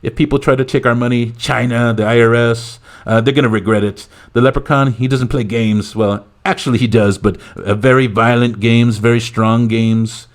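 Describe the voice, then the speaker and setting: A man doing a comic impression of a boastful, rambling male president, who talks loudly and piles on superlatives. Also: mid-range voice, steady tone, moderate pace, hardly any pauses, pitched above the performer's own voice, lightly acted. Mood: blustering. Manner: loud bragging, repetitive superlatives. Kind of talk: comic impression in a podcast skit.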